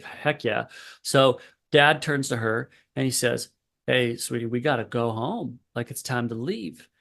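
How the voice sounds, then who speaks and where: Brief: male therapist guest, gravelly voice, middle pitch, easygoing anecdote. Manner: relaxed, lots of fillers and restarts. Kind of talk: conversational storytelling.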